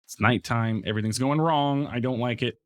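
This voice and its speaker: A man's voice: mid-range voice, fairly quick, no echo. A man hosting a game let's play, thinking aloud in casual commentary and talking back to the game.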